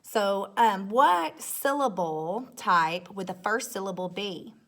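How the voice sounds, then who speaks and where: A woman teacher walking young students through a phonics lesson step by step, patient and clear, often checking in with "okay?". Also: medium pitch, expressive, slow pace, fairly bright tone. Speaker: third grade teacher. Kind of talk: recorded classroom phonics lesson.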